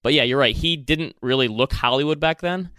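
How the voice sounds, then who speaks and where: A man's voice: medium pitch, a little fast, pushed and bright, clear, resonant tone, dry recording, clean studio sound. A man with a Michigan accent co-hosting a podcast, giving his opinions in casual, chatty talk. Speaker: podcast co-host. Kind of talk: casual chat.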